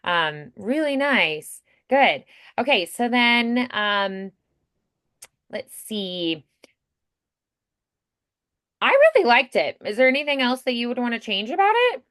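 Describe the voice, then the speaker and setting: A woman's voice: fairly high pitch, big pitch swings, slow, pauses often, a bit bright, dry recording, clean studio sound. A woman coaching a voice acting student in casual, chatty feedback, full of "like" and "you know", often acting out example lines.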